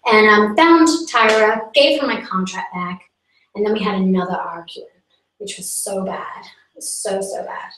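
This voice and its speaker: A woman's voice: mid-range voice, moderate pace, fairly bright tone. A boastful young woman rambles through a comic live stream as a self-styled celebrity, her speech full of "like" and mock outrage. She sits back from the mic. The room gives her voice a roomy echo. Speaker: comedic live stream host in character as a celebrity. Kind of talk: improvised character comedy monologue. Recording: roomy sound from a distance.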